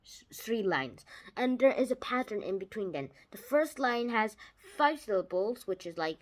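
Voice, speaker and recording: Child, video report, eager and rambling, many restarts, bouncy pitch, mid-pitched voice. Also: normal speed. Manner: lively jumps in pitch and loudness. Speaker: video reviewer. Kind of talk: casual spoken video report.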